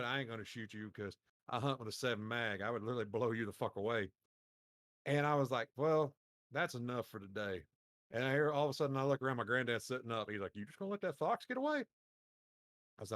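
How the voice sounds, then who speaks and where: A man from Mississippi, telling a profane, animated story on a casual podcast. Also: mid-range voice, no echo, clean studio sound. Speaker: podcast co-host.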